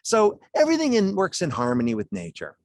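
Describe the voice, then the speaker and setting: A man's voice: high-pitched, wildly swooping pitch, a little fast, no room sound. A man presenting wines at a charity gala over a video call, in a chatty, folksy way, chuckling as he talks.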